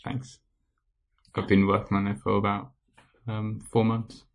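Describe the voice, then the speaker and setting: A man's voice: fairly low pitch, monotone, measured pace. A man co-hosting a podcast, chatting casually in a dry, teasing way. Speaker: podcast co-host. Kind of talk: casual chat.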